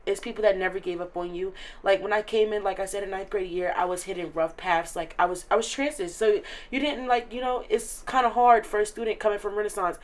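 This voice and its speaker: An eighteen-year-old woman speaks as an interview guest in a middle-pitched voice. She is earnest and emotional, and fills her sentences with "like". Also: fairly even intonation, fairly quick, few pauses. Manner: earnest and emotional, many filler likes. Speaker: interview guest, recent high school graduate. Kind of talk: casual interview chat.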